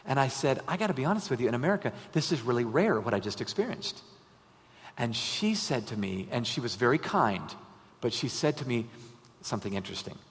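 A man preaching a sermon in a conversational style, drawing in his listeners with rhetorical questions and shifting between animated emphasis and quiet storytelling. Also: medium pitch, fairly quick. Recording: long reverb of a large hall.

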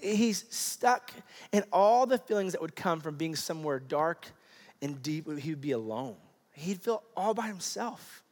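A man delivers a sermon in a relaxed, conversational manner, with plenty of "like" and "you know" as he tells stories. His voice sits a little high for a man. It rings out with the long reverb of a large church hall. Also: measured pace. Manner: conversational, animated storytelling with many fillers. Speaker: pastor.

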